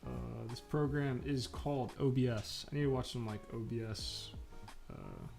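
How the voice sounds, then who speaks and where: A man's voice: medium pitch, normal speed, creaky, darkish tone, soft background music. A man chatting casually and profanely while drawing on a live stream, rambling with lots of fillers.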